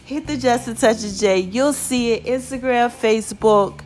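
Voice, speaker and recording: A middle-aged woman hosting a casual podcast, animated and preachy, calling her listeners "babies" and "y'all". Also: on the high side, normal speed, soft background music. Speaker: podcast host. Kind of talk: casual encouraging podcast talk.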